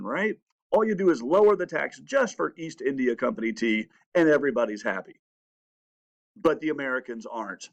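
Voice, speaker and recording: A man teaching a history lesson, telling the story with animated, raised-voice quotes. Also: fairly high pitch. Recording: dull lo-fi sound.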